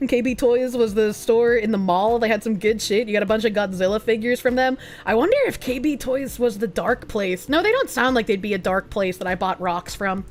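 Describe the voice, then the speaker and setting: A woman's voice: fairly high pitch, a little fast, few pauses, faint music behind. A young woman streamer reacting to news and chat, sarcastic, swearing freely and laughing often. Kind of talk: casual live-stream reaction, reading news and chat aloud.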